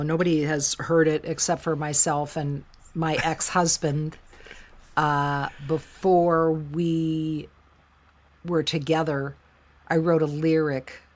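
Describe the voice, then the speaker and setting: Woman, middle-aged, deep voice, candid, emotional, animated storyteller. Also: unhurried. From United States. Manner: frank, emotional, animated retelling with quoted voices. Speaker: interview guest, singer-songwriter.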